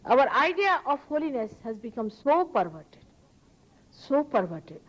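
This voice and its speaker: A woman's voice: big pitch swings, unhurried, highs cut off. Earnest woman giving a spiritual talk. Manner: earnest, emphatic, with sudden rises in pitch. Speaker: spiritual teacher. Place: public hall.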